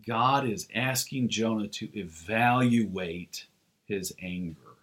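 A man's voice: lowish voice, a bit bright. Earnest male pastor preaching a sermon. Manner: earnest preaching, slows for emphasis, frequent "uh" fillers.

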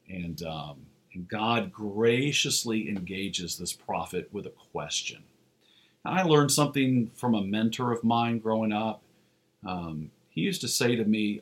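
A man preaching a sermon as pastor, earnest, with "uh" fillers, slowing down for emphasis. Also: lowish voice, lively intonation.

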